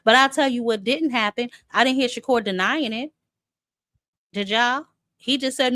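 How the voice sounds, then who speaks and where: A woman's voice: sits high, moderate pace, pauses often, a bit bright, dry recording. A woman host, giving sassy, chatty boxing commentary full of fillers. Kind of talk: casual commentary.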